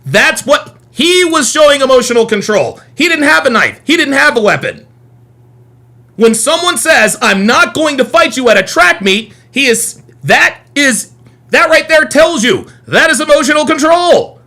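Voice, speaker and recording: A man's voice: very high-pitched, animated, moderate pace, pushed and bright. A man hosting a live call-in stream, talking in a heated, combative way, repeating himself and swearing often. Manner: combative, repetitive, profane.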